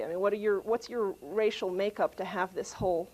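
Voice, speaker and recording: A woman's voice: mid-range voice, fairly quick, a little mellow, rough recording. Woman interviewer asking probing questions. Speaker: arts show interviewer.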